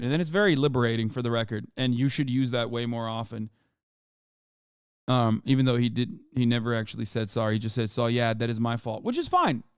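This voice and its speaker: Male streamer, 30s, exasperated ranter who swears freely; smooth voice, dry close sound. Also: mid-range voice, no echo. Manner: exasperated, ranting, swears a lot. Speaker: streamer reacting to a video. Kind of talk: casual livestream reaction.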